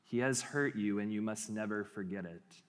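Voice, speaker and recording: A man doing a hushed, coaxing tempter voice. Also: on the low side, voice pushed down, lightly acted. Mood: bitter. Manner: hushed, slow and wheedling. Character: coaxing male tempter voice, sly and insistent. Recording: long hall reverb.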